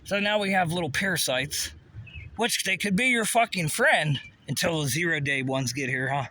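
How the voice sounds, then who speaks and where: Bright, rambling, profane man. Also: on the high side, normal speed, slight background noise. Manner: profane, rambling, conspiratorial, asks himself questions. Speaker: vlogger. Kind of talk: rambling monologue.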